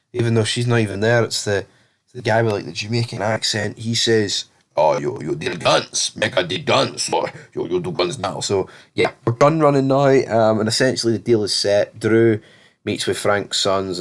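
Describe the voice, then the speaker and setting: A man hosting a casual TV episode review, rambling and blunt with lots of fillers. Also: mid-range voice. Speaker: TV review host.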